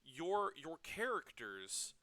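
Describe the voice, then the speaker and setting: A man runs a tabletop game, narrating the scene at a slow, deliberate pace. His pitch swings widely as he describes things, and his voice is very bright and forceful. He keeps the talk unhurried and animated. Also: slight background noise. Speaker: game master.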